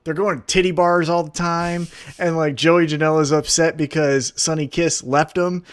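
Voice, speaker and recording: A man's voice: fairly high pitch, steady tone, normal speed, clean tone, no room sound, clean studio sound. A man co-hosting a podcast in casual chat, enthusiastically recapping events. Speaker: podcast co-host.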